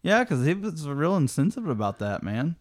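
A man's voice: a little high, big pitch swings, a little fast, no echo, clean studio sound. A man co-hosting a podcast, chatting casually about a movie and chiming in with short agreements and quips. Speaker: podcast co-host. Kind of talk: casual movie recap chat.

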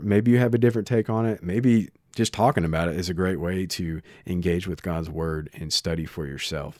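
A man preaching a sermon in a conversational way, retelling stories with lively restarts into a microphone. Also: lowish voice, no echo, clean studio sound. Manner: conversational, animated storytelling with frequent restarts. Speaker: pastor.

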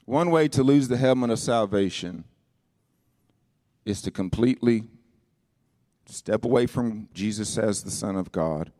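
A male pastor preaching with impassioned, sing-song delivery, swinging between shouted lines and quiet personal asides. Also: on the low side, no echo, studio quality. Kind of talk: sermon. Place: church.

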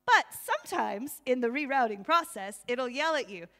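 A woman delivers a sermon with a high, bright voice. She talks in a lively, conversational way, laughs easily and acts out the voices in her stories. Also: normal speed. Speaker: preacher.

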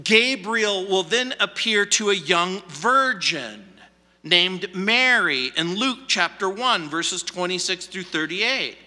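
A man with a high, sharply bright voice preaches verse by verse. He takes his time, asks the text questions and hammers points home by repeating words. His voice rings on in the long reverb of a church sanctuary. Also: animated, slow. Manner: poses rhetorical questions and answers them; emphatic repetition for stress. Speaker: pastor. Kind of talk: verse-by-verse sermon.

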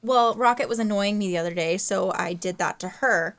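A woman's voice: mid-range voice, a little fast, fairly bright tone. A woman chatting casually, rambling with fillers like um and like. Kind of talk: casual chat.

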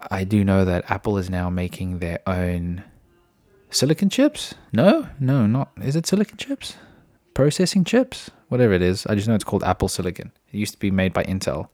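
A man's voice: low voice, expressive, moderate pace, a little mellow. A man hosting a casual solo podcast, rambling chattily from topic to topic with frequent fillers and restarts, recorded indoors at home. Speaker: podcast host.

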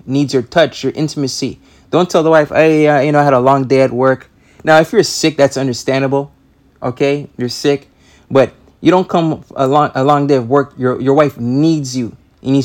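A man preaching a sermon, emphatic and repetitive, stumbling over restarts as he reads scripture aloud. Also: medium pitch. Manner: emphatic, repeats words and stammers on restarts; reads scripture in King James wording. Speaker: pastor.

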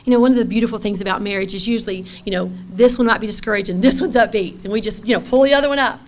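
A middle-aged woman preaching a sermon to women, earnest, moving between bold declarations and soft, hushed passages. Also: mid-range voice, very fast, slight background noise. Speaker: pastor's wife speaking to women.

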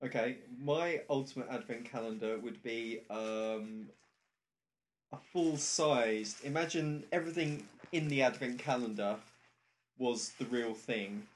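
A man's voice: medium pitch, measured pace. A man co-hosting a podcast, chatting casually and joking, often laughing at his own jokes. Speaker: podcast co-host. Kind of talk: casual comedic chat.

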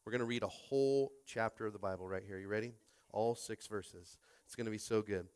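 A man's voice: fairly low pitch, fairly quick, a little mellow, smooth. A man preaching a Sunday sermon as pastor, stumbling over repeated words and rallying his listeners.

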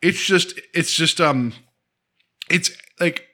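Bright, animated man chatting about movies. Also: on the high side, slow pace. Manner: animated, laughing, trails off mid-sentence. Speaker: podcast co-host. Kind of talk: casual movie chat.

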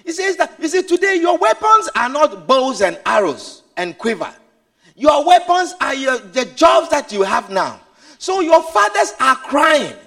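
A man preaching a sermon as pastor, fervent and repetitive, building to shouted peaks. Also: very high-pitched, very animated, a little slow.

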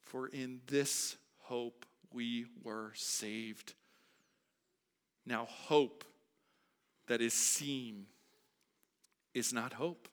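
A man preaching a sermon as a pastor, moving between quiet reflection and loud, emphatic delivery. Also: medium pitch, steady tone, very slow, pauses often, smooth. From United States. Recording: long hall reverb.

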